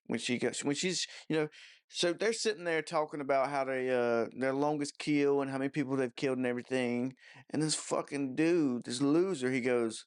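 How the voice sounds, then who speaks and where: A man's voice: mid-range voice, expressive, moderate pace. A man giving a casual, rambling movie review, mocking and profane, with lots of "you know" and "I don't know" fillers.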